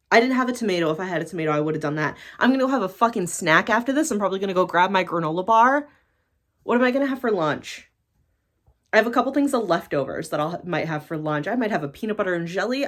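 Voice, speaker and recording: A woman's voice: medium pitch, fairly bright tone. A woman vlogger talking to camera in a casual, exasperated rant, swearing constantly and speaking bluntly. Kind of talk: casual ranting monologue to camera.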